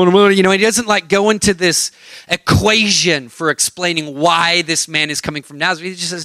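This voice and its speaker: A man delivers a sermon in a casual, animated way, jumping into the voices of the people in his story. His voice sits a little high for a man. The sound is dry and close, with little room echo. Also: moderate pace. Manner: animated storytelling, acting out dialogue. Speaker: preacher.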